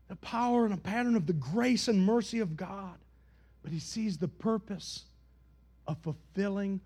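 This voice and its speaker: Man, preacher, high pitch, loud then soft, dry humor. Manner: swings between loud preaching and quiet, dry asides. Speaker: pastor. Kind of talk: sermon.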